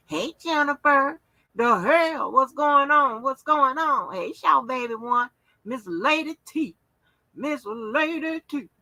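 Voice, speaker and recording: Chatting loosely with her livestream viewers, this tired host swears freely and leans on plenty of fillers. She has a high voice with lively intonation and a sharp tone, speaking slowly; the rough recording has no room sound.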